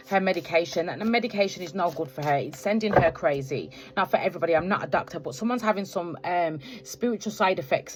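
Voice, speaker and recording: A woman with a voice on the low side gives a spiritual tarot reading to her viewers, addressing them as "collective." Nearly every phrase she says ends with "okay? right?"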